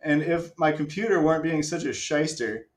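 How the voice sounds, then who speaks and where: A man's voice: a little high, normal speed, echoey room. A man hosting a live stream, casually walking viewers through a game demo with self-mocking asides and the odd swear. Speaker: stream host.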